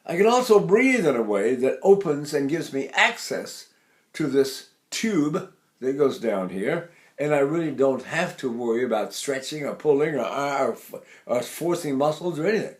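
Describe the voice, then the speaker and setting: A man's voice: mid-range voice, very animated, normal speed. An older man, a voice teacher, explaining singing technique and breaking into sung and spoken vowel demonstrations.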